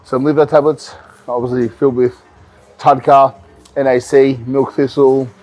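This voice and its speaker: A man who is a bodybuilder and coach, talking casually to the camera in a vlog, explaining things in a relaxed way with frequent ums and repeated words. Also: medium pitch, moderate pace, faint music behind.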